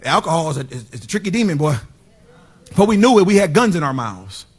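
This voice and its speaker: A middle-aged man preaches from the pulpit. His voice sits high for a man and sounds husky. He swings from loud, shouted praise down to quiet, hushed storytelling. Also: very animated, quick pace. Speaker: pastor. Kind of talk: sermon. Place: church sanctuary.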